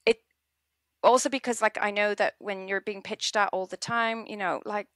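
A woman, an author chatting in an interview, animated and quick to act out little quoted scenes. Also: mid-range voice, dry recording, clean studio sound. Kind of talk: casual interview chat.

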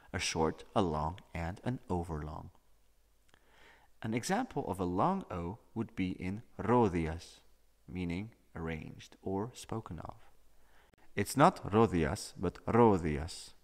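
Deep-voiced man teaching pronunciation, reverberant. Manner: explanatory, demonstrating sounds slowly. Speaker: language teacher. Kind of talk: educational video lesson.

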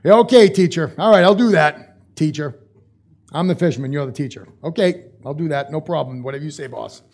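A man's voice: a little high, a little fast, a little mellow. A man voicing a weary adult fisherman who answers with smarmy, dismissive sarcasm. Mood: sarcastic.

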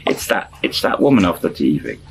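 A man's voice: low-pitched, very animated, fairly quick, vocal fry, slight background noise, rough recording. A man telling a story in a casual spoken style, chuckling and acting out the dialogue in shifting voices. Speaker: storyteller channel host.

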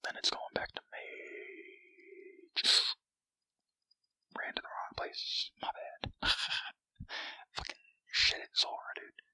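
A man's voice: slow, pauses often, pushed and bright, dry recording, poor audio. A man doing whispered role-play as a greedy, grumpy male cartoon crab, commenting on his gameplay with foul-mouthed, rambling, self-mocking chatter. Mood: grumbling. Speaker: gaming commentator.

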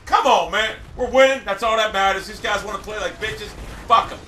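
Profane man yelling over his gameplay. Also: high-pitched, fast talker. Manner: profane, boastful, erupts into frustrated shouting. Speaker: gamer commentating his own match. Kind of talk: live gameplay commentary. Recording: echoey room, distant mic, faint hiss.

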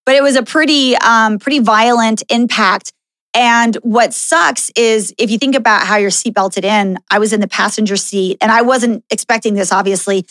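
A woman's voice: a little high, normal speed, no room sound. A middle-aged woman hosting a podcast, telling a story in casual chat, full of fillers and "like". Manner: animated storyteller, many fillers and "like". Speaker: podcast host.

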